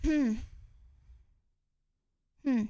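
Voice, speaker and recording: A woman's voice: very slow, mellow, no echo. A young woman streaming live, chatting casually with her viewers in a bubbly, giggly way. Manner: bubbly, giggly, cheering chat on.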